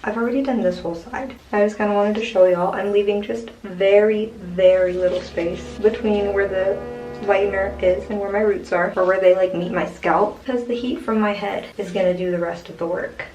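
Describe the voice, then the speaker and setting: A woman's voice: mid-range voice, moderate pace, dark tone. A young woman casually explaining how she dyes her own hair, rambling with many fillers. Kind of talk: casual home tutorial. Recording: echoey room from far off.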